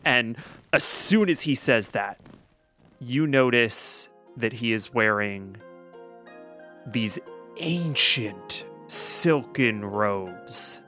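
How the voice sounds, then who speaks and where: A man serving as game master, narrating scenes slowly and quietly. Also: medium pitch, lively intonation, soft background music. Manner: slow, hushed, descriptive narration.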